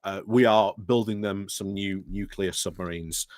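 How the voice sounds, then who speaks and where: A man's voice: sits low, steady tone, normal speed, no echo, clean studio sound. A man talking through world news in a casual chat, explaining at length. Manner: explains at length, with fillers and restarts. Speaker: regular guest.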